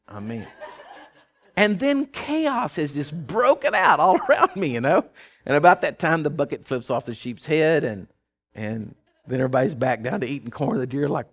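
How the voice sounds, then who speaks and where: A man's voice: on the high side, sing-song, moderate pace. A man telling a casual spoken anecdote, rambling with lots of "you know" and restarts, and acting out voices in the story.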